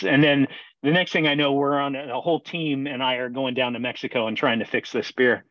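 A mid-pitched man tells long, meandering work stories and keeps breaking into laughter. The sound is slightly dull and very dry, with no room around it. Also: normal speed, no echo. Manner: rambling anecdotes with frequent laughter. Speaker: brewer, podcast guest. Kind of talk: casual storytelling interview.

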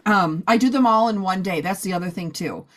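A woman hosting a podcast, chatting casually and a bit hoarse after a long day of recording. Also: mid-range voice, a little fast, fairly bright tone. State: hoarse, losing her voice. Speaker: podcast host. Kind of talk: casual chat.

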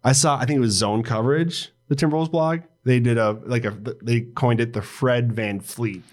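A man co-hosting a casual sports podcast, his voice sitting at an ordinary middle pitch. He rambles through his points with plenty of fillers and often breaks into laughter. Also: normal speed, darkish tone. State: new father. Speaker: podcast co-host.

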